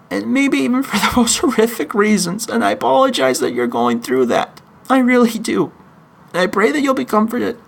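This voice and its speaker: A man hosting his own podcast, delivering an emotional, pleading opinion monologue with frequent halting restarts. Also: very high voice, vocal fry, fairly bright tone. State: in chronic pain. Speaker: podcast host.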